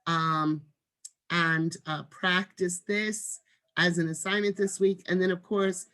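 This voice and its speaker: Slow, measured woman teaching a lesson. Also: on the low side, fairly even intonation, fairly bright tone. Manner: measured, demonstrates reading with marked pauses. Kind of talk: online lesson on reading aloud.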